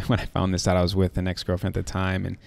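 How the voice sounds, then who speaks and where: A man's voice: sits low, completely flat delivery, fast talker, creaky, darkish tone. A man hosting a podcast, telling personal stories openly and emotionally in casual talk full of fillers. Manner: open, emotional storytelling with many fillers. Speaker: podcast host. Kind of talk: casual heartfelt conversation.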